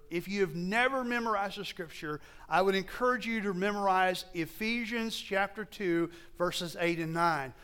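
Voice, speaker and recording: A man preaching a sermon to a congregation, slow and emphatic, often asking them questions and correcting himself as he goes. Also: high voice, fairly bright tone, clean tone.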